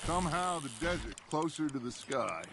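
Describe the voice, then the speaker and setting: An actor playing a charismatic outlaw gang leader who reminisces fondly and with theatrical flair in a video game. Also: male voice, on the high side, lively intonation, moderate pace, very noisy.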